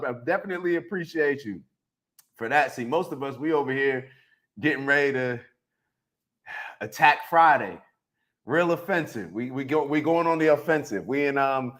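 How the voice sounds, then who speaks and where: A man hosting a casual livestream, lively and full of shout-outs to viewers, talking into a handheld mic. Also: medium pitch. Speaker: host.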